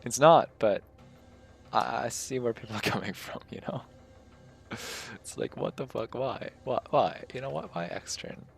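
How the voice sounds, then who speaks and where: A man's voice: medium pitch, measured pace, creaky, soft background music. A man streaming live while coding, muttering, swearing and laughing at his own frustration. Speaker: livestreaming game developer.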